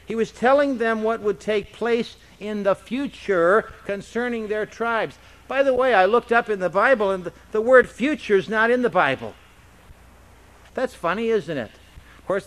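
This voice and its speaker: A man's voice: high voice, moderate pace, fairly bright tone. A male pastor teaching a Bible passage in a conversational sermon, often checking in with rhetorical questions.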